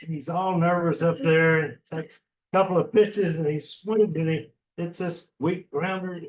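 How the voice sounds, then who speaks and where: A man's voice: a little high, steady tone, normal speed, low-quality recording. A man telling a folksy, easygoing story to a small group at a club meeting. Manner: folksy storytelling, says y'all. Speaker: chapter member. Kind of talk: casual anecdote to a small group. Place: restaurant meeting room.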